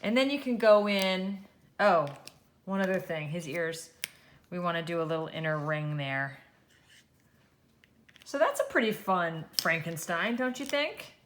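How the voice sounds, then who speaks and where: Gentle low-voiced woman teaching drawing. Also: animated, unhurried, long pauses, slight background noise. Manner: gentle, encouraging, talks while drawing. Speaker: art teacher. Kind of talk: drawing lesson for children.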